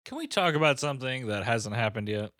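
A man's voice: mid-range voice, animated, brisk, fairly bright tone, no echo. Blunt young man, dry close voice. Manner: blunt, dismissive, swearing. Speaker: podcast co-host. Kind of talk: casual profane movie-review chat.

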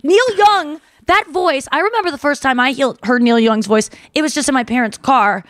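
A woman hosting a podcast in casual chat, talking fast and loose, full of "like", and slipping into singer impressions. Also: high-pitched, fairly bright tone, no room sound, clean studio sound. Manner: chatty, slips into quick singer impressions. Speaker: podcast host.

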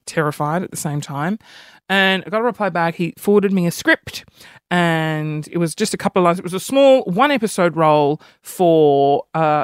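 A man's voice: fairly high pitch, moderate pace, clear, resonant tone, no room sound, studio quality. A young man hosting a podcast alone, rambling in a chatty, self-mocking way. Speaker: podcast host. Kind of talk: solo comedic podcast chat.

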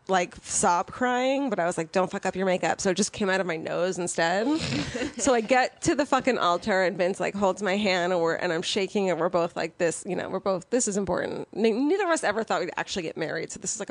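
A young woman co-hosting a casual chat, an animated storyteller who swears freely. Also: lowish voice, a little fast, no echo.

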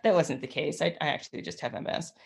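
A woman's voice: deep voice, fast, creaky. A woman artist in her thirties telling her story in an interview, acting out the people she quotes and laughing often. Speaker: guest artist.

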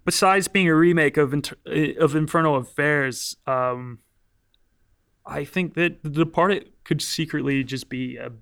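A man's voice: fairly high pitch, measured pace, vocal fry, a bit bright, clear, resonant tone. A man co-hosting a casual film podcast, talking with many fillers and restarts. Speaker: podcast co-host.

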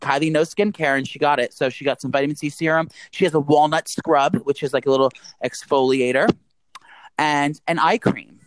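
Fast-talking gossipy man. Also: a little high, dry recording, rough recording. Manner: chatty, crude and excitable. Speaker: podcast co-host. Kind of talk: casual gossip chat.

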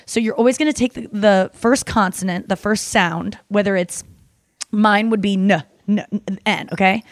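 A woman's voice: medium pitch, normal speed, dry recording. Rambling woman host with dry sound. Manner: rambling, swears casually, explains with many fillers. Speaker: podcast host. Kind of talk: casual chat.

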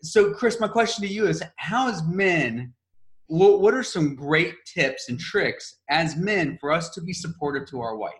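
A man's voice: fairly high pitch, lively intonation, measured pace. A male podcast host asking a long, earnest question in casual conversation.

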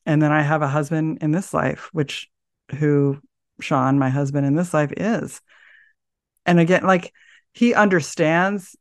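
Soft-spoken reflective middle-aged woman. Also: low-pitched, fairly even intonation, a little slow, no echo, studio quality. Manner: thoughtful, searching for words, soft-spoken. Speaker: podcast guest. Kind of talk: reflective interview talk.

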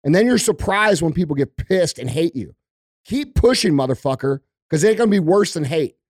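A man with a somewhat high voice rants hard and swears constantly as a podcast co-host. The sound is dry and close, with no room around it. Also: expressive, a little fast, dry recording. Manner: profane, emphatic ranting. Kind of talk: heated casual talk.

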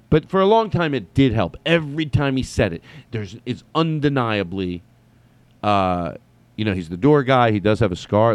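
A man's voice: mid-range voice, dry recording. Man rambling in a casual solo monologue. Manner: rambling with restarts and swearing. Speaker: comedian podcast host.

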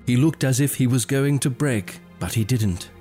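The speaker is a male storyteller whose voice falls in the middle range. He delivers scripted narration with measured drama while soft music runs underneath.

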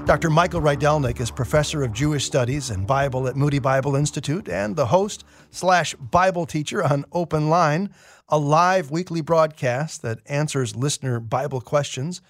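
A man's voice: a little high, normal speed. A man hosting a radio program, asking friendly conversational questions to his guests. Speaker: radio show host. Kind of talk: radio interview.

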